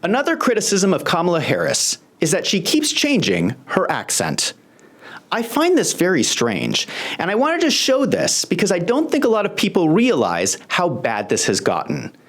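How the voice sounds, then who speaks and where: A host delivering political commentary with a sarcastic, pointed edge. The voice swoops dramatically up and down while its pitch stays mid-range. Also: wildly swooping pitch, moderate pace.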